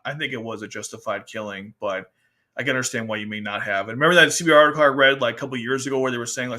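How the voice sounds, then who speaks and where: A man's voice: mid-range voice, racing. A man casually reviewing a manga, chatting loosely and acting out characters' lines as he goes. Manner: chatty, animated, quotes characters in exaggerated voices, laughs often. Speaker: anime review host. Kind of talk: casual commentary.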